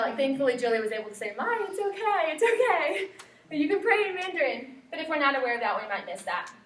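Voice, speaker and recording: A woman's voice: fairly high pitch, a bit bright. A young woman giving a chatty classroom presentation, with lots of fillers and quotes she acts out. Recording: echoey room from far off, faint hiss.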